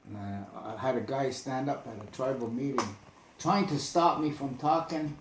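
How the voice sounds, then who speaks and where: A man tells a long story in an easy, conversational way. His delivery is emphatic and animated, and he keeps checking that the listener is following. His voice sits at an ordinary pitch, and the room around him is noticeably echoey. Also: moderate pace, background noise. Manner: animated, emphatic, asks "you get me?". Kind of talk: casual storytelling chat.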